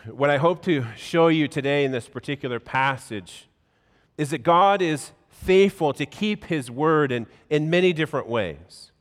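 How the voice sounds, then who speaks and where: A pastor reading scripture aloud in a measured, solemn way, then preaching a sermon in a church. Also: male voice, on the high side. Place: church sanctuary. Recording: long hall reverb.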